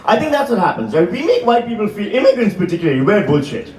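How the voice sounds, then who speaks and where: A man's voice: high voice, sing-song, fast talker, a little mellow. A man in his forties performing stand-up comedy live, doing crowd work with the audience. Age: 40s. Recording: roomy live hall, distant mic, crowd laughter.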